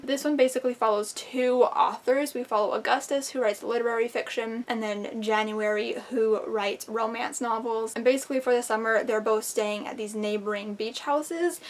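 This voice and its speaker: A woman with a slightly high voice gushes happily about her favourite reads. She talks in a casual, chatty way, as a book vlogger talking straight to her viewers. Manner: gushing and enthusiastic. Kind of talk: casual book wrap-up chat.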